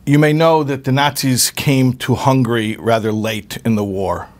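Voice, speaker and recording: A man giving an earnest storytelling talk, often repeating words and pausing with fillers. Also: mid-range voice, steady tone. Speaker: speaker giving a religious talk.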